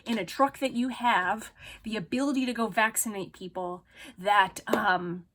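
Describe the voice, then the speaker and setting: A woman's voice: medium pitch, unhurried, noisy background. A woman venting in an emotional vlog, angry, sarcastic and swearing as she rants. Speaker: vlogger.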